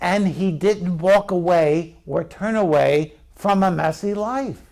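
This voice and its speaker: Middle-aged male pastor, gravelly, higher pitch, chatty sermon delivery. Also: takes it slowly, darkish tone. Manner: conversational preaching with rhetorical questions to the congregation.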